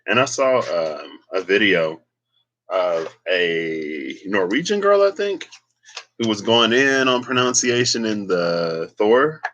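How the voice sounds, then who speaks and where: A man with a low voice gives a casual tarot reading on his own. He talks slowly and rambles, thinking aloud as he works through the cards. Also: big pitch swings, fairly bright tone, dull audio. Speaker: tarot reader.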